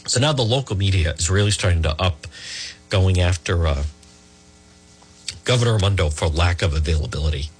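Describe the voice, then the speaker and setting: A man's voice: low voice, expressive, a little fast, pauses often, slightly rough, soft background music. A man hosting a radio talk show, giving emphatic, conversational opinions with frequent fillers and restarts.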